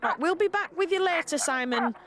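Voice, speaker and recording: A brisk, exasperated local radio presenter in a comic sketch, played by a woman. Her voice is high and lively in pitch. Clear clicking noises sit behind her. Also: heavy background noise.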